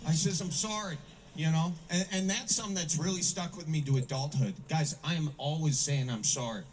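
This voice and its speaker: A man's voice: on the high side, steady tone, fairly quick, a little mellow. A man from the American Midwest performing a self-deprecating stand-up routine with punchy asides. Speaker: stand-up comedian. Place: comedy stage before a live audience. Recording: distant stage mic with hiss.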